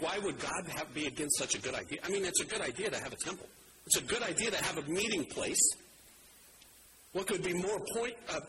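A male preacher delivers a sermon in a fairly high voice. He talks casually and jumps up and down in pitch as he acts out the people he quotes. The recording carries a clear layer of background noise. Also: fairly bright tone, rough recording. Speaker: pastor.

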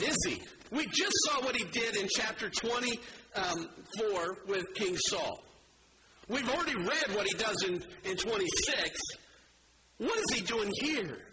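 A man preaching a sermon and reading scripture aloud, swinging between animated emphasis and hushed, low delivery. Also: slow pace, background noise. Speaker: pastor.

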